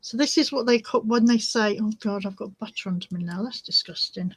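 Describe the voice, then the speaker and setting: A woman's voice: mid-range voice, brisk, slightly rough, dry recording, poor audio. A woman hosting a crafting vlog, chatting casually and easily distracted while she shows her resin swatches. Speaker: crafting channel host.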